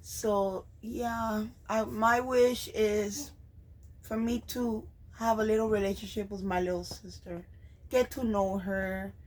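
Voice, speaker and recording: Woman vlogger, unhurried and halting delivery, gentle and sincere. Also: medium pitch, rough recording. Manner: slow, hesitant, with frequent ums and restarts. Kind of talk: personal vlog talking to camera.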